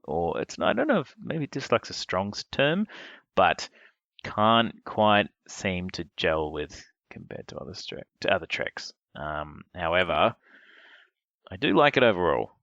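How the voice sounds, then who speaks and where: Man with a very low voice, lively intonation, dry close sound, casual co-host, hesitant. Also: a little slow, vocal fry, no echo, dull audio. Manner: hesitant, lots of ums and self-corrections. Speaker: podcast co-host. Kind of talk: casual chat.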